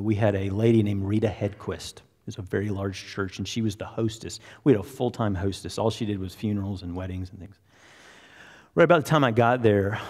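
A man's voice: fairly low pitch, darkish tone. A man, a pastor, telling a story in a conversational sermon and acting out what people said. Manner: conversational, anecdotal, acts out quotes. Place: large church sanctuary. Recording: reverberant church hall.

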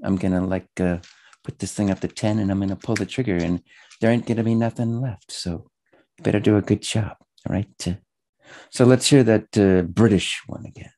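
A man's voice: fairly low pitch, fairly quick, warm tone. A man hosting a casual interview, joking around and teasing his guest with mock-tough banter. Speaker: interview host.

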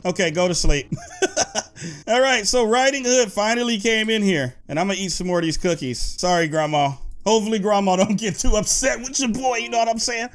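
High, lively young-sounding man gaming. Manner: excitable, yelps and shouts when scared, chatty with viewers. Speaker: gaming YouTuber. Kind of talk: let's-play commentary, reading story-game dialogue aloud.

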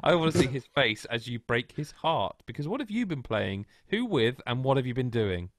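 A man's voice: medium pitch, sing-song, moderate pace, no echo, studio quality. A man hosting a casual gaming podcast over a video call, chatty and teasing, swearing freely. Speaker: podcast host.

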